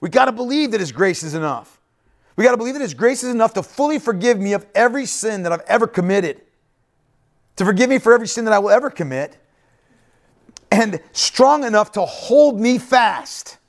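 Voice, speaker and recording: A man preaching in a lively, swinging voice that sits a little high. He speaks straight to the congregation, often checking in with "right?" and going back over his phrases. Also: moderate pace. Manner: conversational preaching, frequent "right?" asides and repeated phrases. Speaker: pastor. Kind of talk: sermon.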